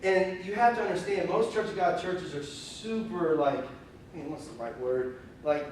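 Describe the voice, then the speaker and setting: A young male pastor preaching a conversational, candid sermon, telling stories in an animated way with plenty of fillers. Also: high voice, normal speed. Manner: candid, animated, self-deprecating, full of fillers. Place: church sanctuary. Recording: very echoey room, voice from far off, faint hiss.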